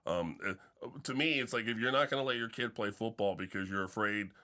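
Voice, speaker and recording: A middle-aged man hosts a casual sports podcast, his voice bright and a little low. He tells long stories in a loose, rambling way, with plenty of fillers and restarts. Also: brisk. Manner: storytelling, many restarts and fillers. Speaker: podcast host and football coach.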